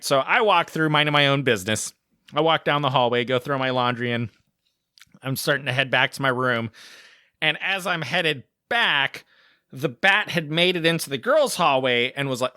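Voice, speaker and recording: A man co-hosting a podcast, telling a casual story in an animated way and acting out other people's lines. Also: on the high side, dry recording, studio quality. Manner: animated storyteller, acts out shouted quotes. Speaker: podcast co-host.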